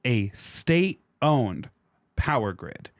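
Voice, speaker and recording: A man explains history on a podcast with a lot of sarcastic energy, cursing freely and slipping into the voices of the people he quotes. His voice sits at an ordinary middle pitch. The recording is close and dry, with no room sound. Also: sing-song, extremely slow, no echo. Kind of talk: casual podcast chat.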